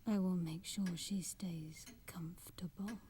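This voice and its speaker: An actress voicing a composed, cold maid in a video game, speaking quietly and slowly. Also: female voice, lowish voice, slightly rough. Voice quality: quiet, flat, slow. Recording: game audio under commentary, from far off.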